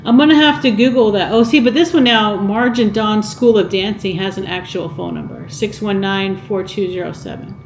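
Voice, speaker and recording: A woman's voice: medium pitch, normal speed, few pauses, echoey room, slight background noise, rough recording. A woman vlogging casually, reading out items from a vintage cookbook and musing aloud with questions to her viewers. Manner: chatty, muses aloud and asks viewers questions. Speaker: cooking vlogger.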